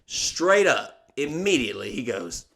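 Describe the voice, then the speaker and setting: Man, podcast host, casual comedic storytelling, animated, profane. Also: medium pitch, a little slow, vocal fry, noisy background. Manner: animated, loose and profane, acts out each moment of the story.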